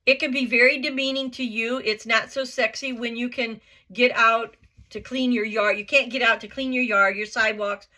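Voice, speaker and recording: Woman vlogger, higher voice, blunt motivational talk, hammers points home. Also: steady tone, normal speed, pushed and bright. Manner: blunt, emphatic, repeats herself; earnest, swears casually. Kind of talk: motivational vlog monologue.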